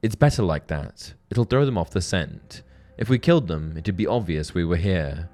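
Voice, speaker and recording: A man's voice: low voice, lively intonation, moderate pace, darkish tone. Earnest teen wizard, read by a male narrator. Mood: firm. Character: earnest teenage boy wizard, merciful. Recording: faint background music.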